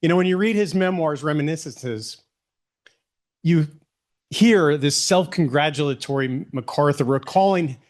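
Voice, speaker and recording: A middle-aged man giving a public history lecture, relaxed and conversational with many ums and rhetorical questions. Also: a little high, a little slow.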